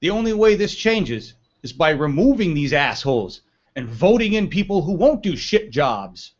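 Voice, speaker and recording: A man's voice: on the high side, very animated, normal speed, dull audio. A man giving blunt, profane political commentary on a live stream.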